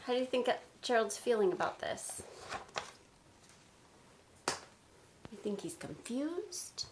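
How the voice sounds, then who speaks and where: A woman teacher speaking gently to children in a video lesson, recorded on a phone. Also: a little high, very animated. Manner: slow, gentle, explaining to kids. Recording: phone video with faint noise.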